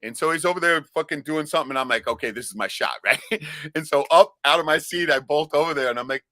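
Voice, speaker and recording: Bright, profane rambling storyteller man. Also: fairly high pitch, fast talker, dry recording. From Alaska. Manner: profane, rambling storyteller with loud acted-out shouts. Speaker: podcast co-host. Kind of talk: casual podcast chat.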